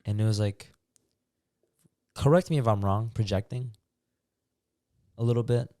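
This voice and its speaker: A man's voice: fairly low pitch, measured pace, no echo, clean studio sound. A young man co-hosting a podcast, talking casually and rambling with lots of fillers. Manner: relaxed, rambling, many fillers. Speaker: podcast co-host. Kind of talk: casual chat.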